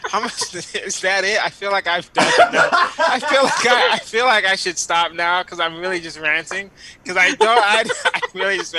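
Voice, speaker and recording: A high-voiced man riffs through a loose, rambling comedy set, his pitch swooping all over as he laughs along with his own jokes. His voice comes through a computer mic on a video call, with laughter from other callers behind him. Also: gravelly, rough recording. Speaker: stand-up comedian guest.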